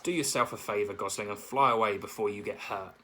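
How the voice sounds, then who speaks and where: A man's voice: lowish voice, brisk, sharp tone, slight background noise. A man voicing a bossy, sarcastic young female bear who turns menacing.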